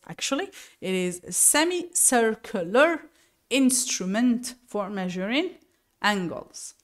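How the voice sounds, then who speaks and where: A woman teacher explaining English vocabulary and pronunciation slowly and deliberately, sometimes correcting herself. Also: fairly high pitch. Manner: slow and deliberate, spelling out each word with self-corrections. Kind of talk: recorded lesson explanation.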